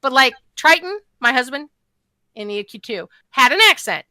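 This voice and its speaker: Woman, podcast co-host, bright voice, frank blunt chat, dry close mic. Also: sits high, lively intonation, moderate pace, dry recording. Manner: frank, blunt, matter-of-fact. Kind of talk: casual chat about roleplay.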